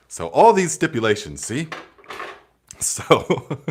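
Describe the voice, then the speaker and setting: A man hosting a live gardening Q&A, chatting casually with viewers, sarcastic and animated, laughing often and saying "okay" and "guys" a lot. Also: on the low side, slow pace. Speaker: gardening channel host.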